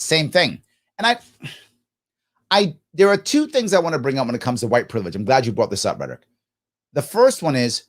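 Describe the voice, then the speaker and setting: A man hosting a live talk show, reading viewer comments aloud and answering them emphatically, often posing questions and answering them himself. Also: medium pitch. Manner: animated, jokey asides. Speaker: political talk show host.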